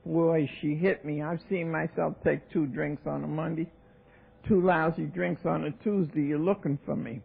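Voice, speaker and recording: Woman in her seventies, New York accent, husky and gravelly, AA speaker, tinny old tape recording. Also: deep voice, normal speed. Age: 70s. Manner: storytelling, acting out voices, emphatic. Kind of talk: recovery talk, personal story. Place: meeting hall.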